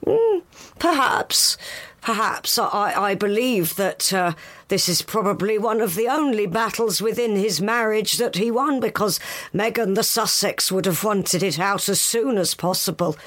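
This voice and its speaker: Woman, royal correspondent, comic chat, pompous, overblown, mid-pitched. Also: normal speed, a bit bright.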